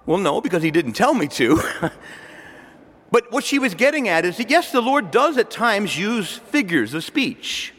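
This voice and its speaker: Animated male preacher in a reverberant hall. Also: high-pitched, measured pace. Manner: animated, conversational storytelling with quoted dialogue. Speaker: Catholic preacher. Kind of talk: sermon.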